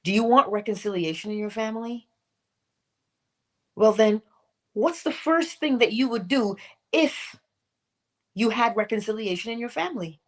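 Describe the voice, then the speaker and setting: A woman's voice: on the high side, animated, normal speed, long pauses. A middle-aged woman hosting a morning inspirational livestream, asking pointed questions and throwing in playful asides to herself. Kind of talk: motivational talk.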